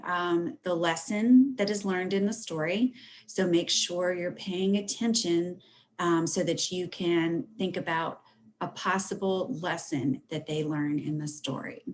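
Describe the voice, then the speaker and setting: A woman's voice: lowish voice, a little hiss or hum. A woman teacher giving a reading lesson to second graders, explaining patiently with frequent ums. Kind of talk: recorded remote reading lesson.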